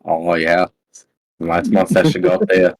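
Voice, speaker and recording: Dude doing a deep gruff weezing, top hat pokemon, proud. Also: male voice, steady tone, unhurried. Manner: gruff, calls people mate.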